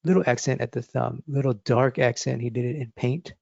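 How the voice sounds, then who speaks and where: Gravelly man teaching a drawing demo. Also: medium pitch, fairly quick, no room sound, lo-fi sound. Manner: thinking aloud while sketching, relaxed and encouraging. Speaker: drawing instructor. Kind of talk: live drawing demonstration.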